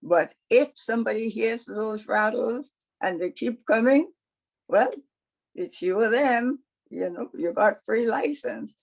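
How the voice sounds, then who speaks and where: A woman voicing the Lord in a folktale, folksy and matter-of-fact, speaking slowly. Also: on the high side, vocal fry, full character voice, poor audio. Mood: firm. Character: easygoing, firm male Lord figure.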